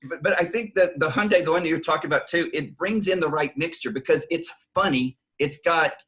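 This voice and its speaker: A man's voice: fairly high pitch, a little fast, fairly bright tone, poor audio. A man on a discussion panel who speaks hesitantly, with many restarts. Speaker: panel guest.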